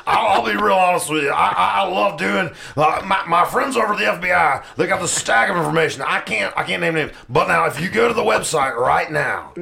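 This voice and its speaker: A man doing an impression of a blustering conspiracy radio host pitching supplements. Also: a little fast, vocal fry, hardly any pauses, a little hiss or hum, exaggerated voice. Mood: ranting. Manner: blustering, excited sales pitch.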